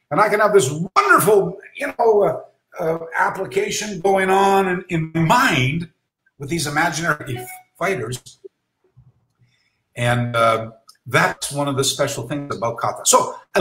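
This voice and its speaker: A man who teaches karate talks in a fairly high voice, casual and reflective, breaking into chuckles and restarting his sentences. His voice carries a noticeable room echo. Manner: animated, chuckling asides, frequent restarts. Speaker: karate instructor. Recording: roomy echo.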